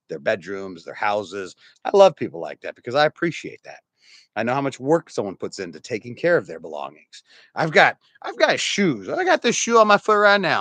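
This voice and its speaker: A pastor around fifty preaching a sermon, telling stories in an animated, conversational way and chuckling as he goes. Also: mid-range voice, no room sound. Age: about 50. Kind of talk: storytelling sermon.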